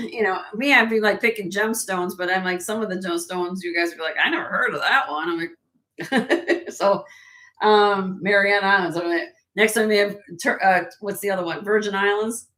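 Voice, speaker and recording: A woman hosting a live jewelry sale stream in casual chat, laughing often and a little hoarse from losing her voice. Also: mid-range voice, moderate pace, a bit bright. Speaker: host and jewelry seller.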